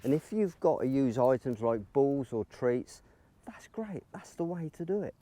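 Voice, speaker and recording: Out in a field, a man teaches dog training at a normal pace, calmly explaining each step. Every so often he breaks into high, excited praise for the dog.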